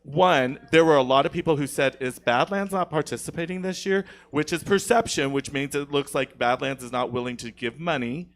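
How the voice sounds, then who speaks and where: A man's voice: mid-range voice, a little fast, few pauses, fairly bright tone. A man as a guest on a podcast, telling a long, indignant story in casual studio chat, with many restarts.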